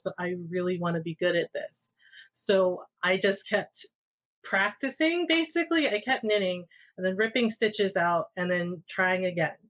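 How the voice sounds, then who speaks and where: A woman's voice: mid-range voice, a bit bright, dull audio. A woman guest on a podcast, telling personal anecdotes in a casual way and laughing often as she talks. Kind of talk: casual storytelling.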